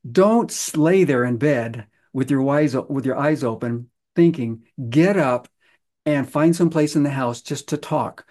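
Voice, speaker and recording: A man's voice: mid-range voice, unhurried, darkish tone. A middle-aged man in a casual interview, telling stories in a folksy, earnest way and stretching out words for emphasis. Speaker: guest, stress-release practitioner.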